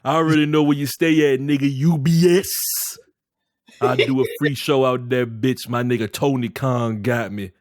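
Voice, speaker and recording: A gruff, menacing rapper growls slow threats in a deep voice that is louder than normal talk, as a man puts him on. The sound is dry and close, with no room echo. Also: fairly even intonation, close to an everyday voice. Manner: taunting, slow heavy threats.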